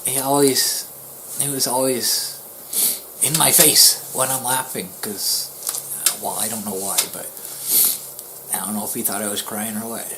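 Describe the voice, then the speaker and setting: A man vlogger telling a personal story in a somber, halting way, often pausing, restarting and dropping to a near-whisper. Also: medium pitch, level tone, noisy background. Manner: halting and soft-spoken, with pauses, restarts and dips into near-whispers; somber, grieving tone. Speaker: YouTuber.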